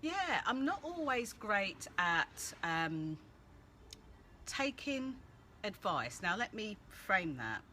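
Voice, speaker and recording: A woman hosting a casual live-stream Q&A, chatty and animated, greeting viewers by name as she gives coaching tips. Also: medium pitch, takes it slowly. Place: outdoors-adjacent room with street noise. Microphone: phone or laptop live stream. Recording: faint background street noise.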